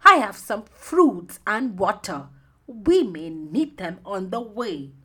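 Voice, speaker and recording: A woman's voice: mid-range voice, very animated, slow pace, bright, forceful tone, husky, heavily acted. A woman doing a firm, kind good witch. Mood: calm.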